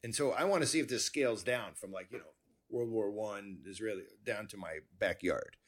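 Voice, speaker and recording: A man hosting a conversation, telling a personal story in a rambling, animated way with many restarts. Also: fairly low pitch, a little fast. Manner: rambling, self-interrupting, animated. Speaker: podcast host.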